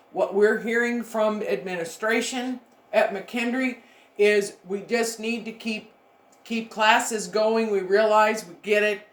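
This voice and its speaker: A middle-aged woman records a lecture for her university students. She talks to them directly and emphatically, coming back to her key points, at a mid pitch. The room around her sounds echoey. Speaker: university education instructor.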